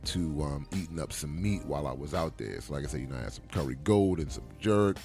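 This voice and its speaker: Deep-voiced man telling animated stories. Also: fast, creaky, over music. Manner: animated storyteller who acts out quoted dialogue. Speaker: podcast co-host. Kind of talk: casual chat.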